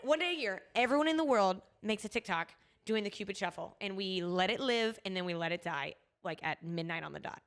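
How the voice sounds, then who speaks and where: This medium-pitched woman speaks a little fast while co-hosting a casual podcast. Her chat is full of lively stories and frequent bursts of laughter.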